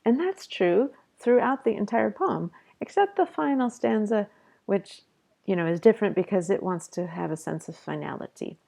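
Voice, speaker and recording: A woman professor explaining poetry in a relaxed lecture, with fillers and restarts as she thinks aloud. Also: mid-range voice, moderate pace, gravelly. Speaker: college professor. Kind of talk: literature lecture.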